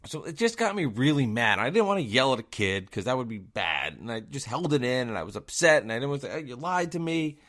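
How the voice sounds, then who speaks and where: A man telling a story on his own podcast in a worked-up monologue. His voice sits in an ordinary middle range. He fires off rhetorical questions and swings from loud outbursts to quiet, muttered asides. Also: mid-range voice, sing-song, quick pace, hardly any pauses. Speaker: podcast host and delivery driver.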